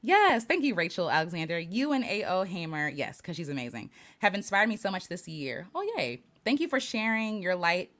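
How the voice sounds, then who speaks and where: A woman hosting a casual live stream, talking in an animated, reflective way and reading viewer comments. She laughs often and restarts her sentences. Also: on the low side, moderate pace, few pauses. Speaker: livestream host.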